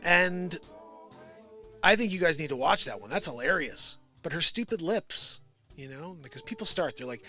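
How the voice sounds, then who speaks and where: A man's voice: lively intonation, fairly quick. A man hosting a daily comedy livestream, rambling and riffing on the news and greeting viewers by name. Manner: rambling, riffing, puts on squeaky voices for quoted people. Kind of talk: improvised comedy livestream chat. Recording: music playing loudly behind. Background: music.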